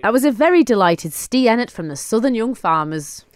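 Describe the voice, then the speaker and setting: A woman's voice: a little high, big pitch swings, brisk. A woman reporter interviewing a performer after a concert. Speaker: radio reporter. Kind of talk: on-the-spot interview.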